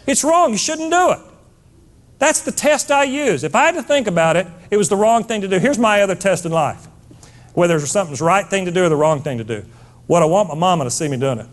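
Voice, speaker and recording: High, expressive and fast, this middle-aged man's voice carries a keynote speech to a live audience. He's a motivational speaker on stage, blunt and emphatic, and he calls the crowd folks.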